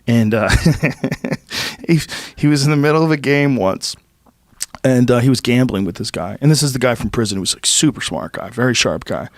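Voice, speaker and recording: A man in his fifties from the Boston area tells stories in a relaxed podcast chat, swearing freely and rising in pitch when he gets excited. His voice sits in a middle register. The sound is dry and close to the mic. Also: normal speed, dry recording. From Boston area, USA. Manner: profane, animated storytelling with rising excitement. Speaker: podcast host. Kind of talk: casual storytelling chat. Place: podcast studio.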